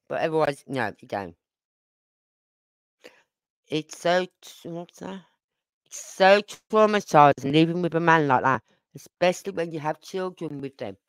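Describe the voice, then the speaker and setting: A woman's voice: low voice, smooth, no room sound. An older woman with a Birmingham accent, hosting a casual livestream and talking bluntly and at length to her chat. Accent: Birmingham (Brummie). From Birmingham, England. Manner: blunt, outspoken, rambling. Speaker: livestream host.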